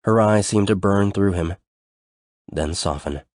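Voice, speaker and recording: Deep, dry-voiced male narrator. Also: measured pace, a little mellow, no echo. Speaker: audiobook narrator. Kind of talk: scripted audiobook narration.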